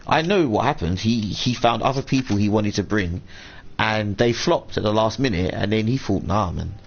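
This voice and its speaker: A man's voice: lowish voice, moderate pace. Aggrieved man ranting on stream. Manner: aggrieved, rambling, swears freely, quotes others in raised voice. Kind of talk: casual live-stream rant. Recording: dull lo-fi stream audio, faint room hum.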